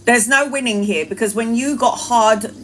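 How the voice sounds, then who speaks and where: A woman telling a story on a live stream, casual and animated, laughing often and swearing freely. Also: a little high, normal speed, a little hiss or hum. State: tired and low on energy. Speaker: tarot reader live-streaming to followers.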